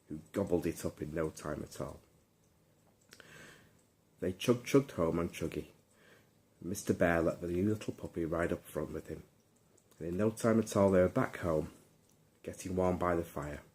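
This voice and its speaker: A man reading a bedtime story aloud in a calm, soothing storytelling manner. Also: low voice, moderate pace, long pauses. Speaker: narrator.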